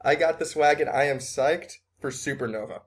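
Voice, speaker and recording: A man's voice: fairly high pitch, moderate pace, husky. An American man hosting a casual podcast, playful and self-mocking. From USA. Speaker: podcast host.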